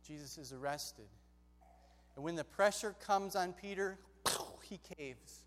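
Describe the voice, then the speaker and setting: High-voiced preacher in a big echoing hall. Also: male voice, unhurried. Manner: lively, conversational, shifts between loud and hushed. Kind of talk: storytelling sermon.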